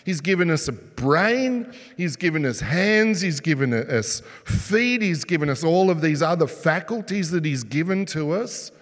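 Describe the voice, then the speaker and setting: A man preaching a sermon, telling stories with animated delivery and throwing rhetorical questions at the congregation. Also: fairly high pitch, unhurried, few pauses. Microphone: sermon mic, mask just taken off. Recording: long hall reverb.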